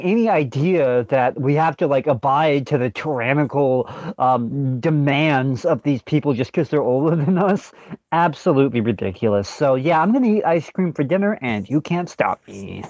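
A man's voice: medium pitch, darkish tone, no echo. A young man delivers a mock-earnest comedy sketch monologue, rambling and padded with fillers. His voice sits in an ordinary male range. The recording is dry and a little dull. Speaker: comedian playing forum users.

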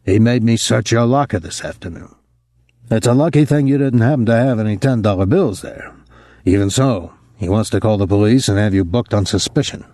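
A man voicing a gruff middle-aged boxing-club trainer who talks bluntly in weary street slang, quieter and lower than his narration. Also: a little fast, no echo, studio quality, natural voice.

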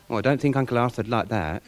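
Man playing a fussy, flustered pier co-owner, lively high voice, radio sitcom, hiss. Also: lightly acted. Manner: prim, flustered. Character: fussy, mother-led male pier co-owner. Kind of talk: 1990s radio sitcom acting. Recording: hissy archive radio broadcast.

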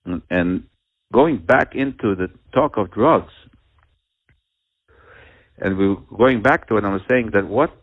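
A father telling a personal story at a community talk, halting and earnest, with many pauses and restarts. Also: on the low side. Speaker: father telling of his daughter. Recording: tinny, phone-like narrow sound.

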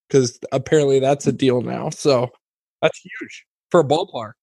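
A man's voice: mid-range voice, fairly even intonation, moderate pace, darkish tone, no echo, studio quality. A man co-hosting a sports podcast, chatting casually and riffing playfully on his friend's story. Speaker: podcast co-host.

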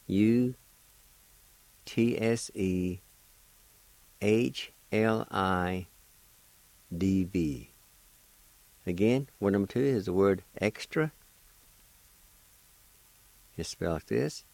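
A man gives a radio language lesson, patiently repeating every word and deliberately spelling each one out letter by letter. His voice is deep and darkish with vocal fry. The recording is rough but has no echo.

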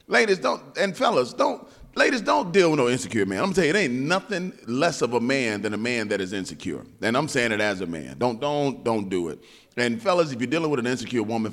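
A man's voice: on the low side, a bit bright, in a large hall. A man hosting his own radio show in a casual, laid-back way, with preachy asides to his listeners. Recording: music playing underneath.

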